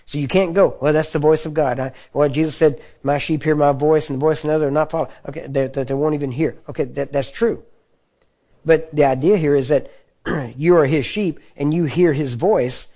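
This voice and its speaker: A man delivering a sermon in an easygoing, conversational way, often asking his listeners whether they follow. His voice sits a touch high for a man yet sounds mellow and dark. He clears his throat now and then between points. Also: fairly even intonation, a little fast. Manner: conversational teaching with frequent check-ins to the audience. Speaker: preacher.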